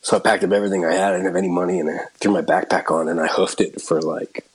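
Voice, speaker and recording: A man's voice: low-pitched, steady tone, fast, slightly rough, rough recording. A middle-aged actor telling a long anecdote in a casual interview, laughing and restarting as he goes. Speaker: actor and guest.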